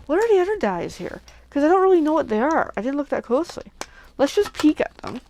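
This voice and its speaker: A woman crafter chatting casually while making cards, gushing with excitement and slipping into whispers over cute things. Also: fairly high pitch, moderate pace, creaky. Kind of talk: casual crafting livestream chat.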